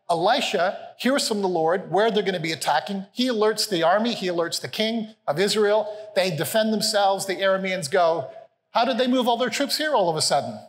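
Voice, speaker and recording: A man's voice: high voice, a bit bright. A man, a senior pastor, delivering a sermon in an earnest, conversational way, repeating key phrases to drive them home. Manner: earnest, conversational preaching with repetition. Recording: long reverb of a large hall.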